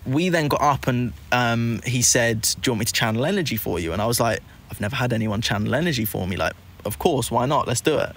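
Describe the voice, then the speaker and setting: A man, a hypnotist guest, telling an animated story in casual conversation, acting out quotes and swearing freely. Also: mid-range voice, quick pace, few pauses.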